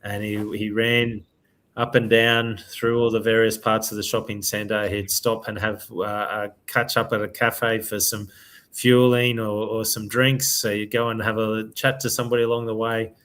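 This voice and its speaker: A man hosting a running podcast in casual chat, chatty and quick to laugh. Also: lowish voice, flat delivery, fairly bright tone. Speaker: podcast host.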